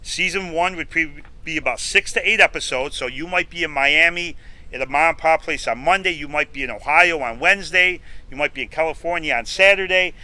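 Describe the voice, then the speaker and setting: A middle-aged food show host from upstate New York, on a podcast as a guest, relates a long story in a casual interview while performing both speakers in every dialogue. He speaks a little fast in a slightly high voice with a sharp tone. The recording is dry, with no room sound, and rough.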